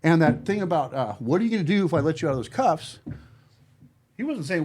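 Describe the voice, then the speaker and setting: A man recounts his story in loose, casual talk with a voice sitting somewhat high for a man. He swears bluntly and often, with frequent ums, uhs and broken-off restarts. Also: very animated, darkish tone. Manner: blunt, profane, halting with fillers and restarts. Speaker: podcast guest telling his story. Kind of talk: casual storytelling among friends.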